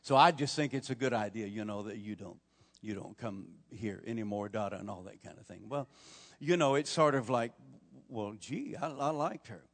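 An older pastor preaches a sermon in a church sanctuary, his voice on the low side at normal speed. Folksy storytelling builds into emphatic preaching, with long hall reverb on the recording.

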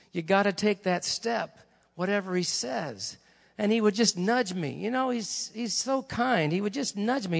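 A man's voice: high-pitched, gravelly, long reverb tail. A male preacher telling stories during a sermon, in a chatty, conversational way with asides to the congregation.

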